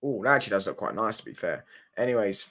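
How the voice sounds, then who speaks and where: A man's voice: fairly low pitch, animated, quick pace, fairly bright tone. A brash, sweary young man giving rambling reaction commentary on football. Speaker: football watchalong streamer.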